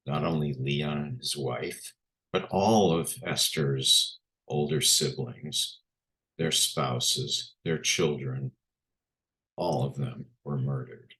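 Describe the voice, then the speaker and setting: A man giving an unhurried presentation with pictures, often pausing on filler sounds. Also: rumbling low, bright, forceful tone.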